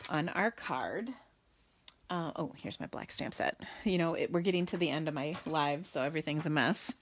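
Lady doing a live card making demo, kinda low voice, goofy and chatty, mumbles to herself. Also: fairly bright tone, no room sound. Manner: chatty and goofy, talks to viewers and mutters to herself while working. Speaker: card-making demonstrator hosting a livestream. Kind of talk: casual live crafting demo.

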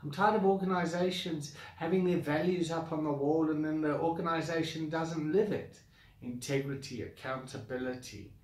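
A man's voice: on the high side, normal speed, a little mellow, echoey room, far from the mic. A man with a South African accent who founded a coaching academy, bluntly venting his frustration straight to the camera with sighs and repeated complaints. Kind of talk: direct-to-camera rant.

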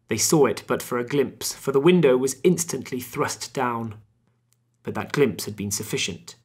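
A man narrating a classic novel as an audiobook in a measured, steady way. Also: on the low side, breathy edge.

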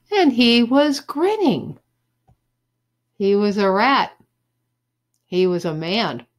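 A woman teacher reading a children's chapter book aloud with expressive storytelling. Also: mid-range voice.

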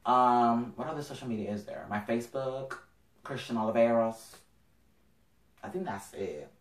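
A man's voice: medium pitch, moderate pace, roomy sound, recorded from a distance. Sassy, profane young man telling a story. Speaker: vlogger. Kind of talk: storytime vlog.

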